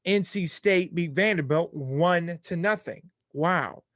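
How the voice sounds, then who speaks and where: Young guy hosting a sports podcast, kinda high voice, dry close sound, jokey and all over the place. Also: slow, a bit bright, dry recording. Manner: rattles off scores, jokey and scattered. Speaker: podcast host. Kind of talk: casual sports podcast chat.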